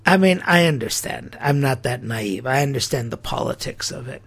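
A man's voice: mid-range voice, expressive, normal speed, creaky, a bit bright, slightly rough. A middle-aged man hosting a podcast, talking through an opinion monologue in an incredulous, rhetorical way. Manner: incredulous, rhetorical, acts out quotes. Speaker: podcast host.

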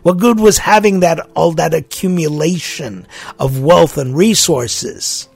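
Slow gravelly male preacher. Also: fairly high pitch, soft background music. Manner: emphatic, repeats key phrases, slow deliberate delivery. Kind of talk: sermon.

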